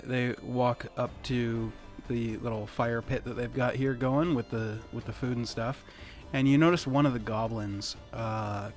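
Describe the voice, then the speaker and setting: A man narrating as game master of a tabletop game, relaxed and rambling with many fillers. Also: medium pitch.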